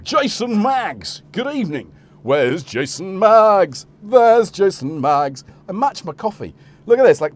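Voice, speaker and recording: A man's voice: fairly high pitch, darkish tone, slight background noise. A middle-aged man hosting a casual live stream, rambling and joking while he talks to his cats.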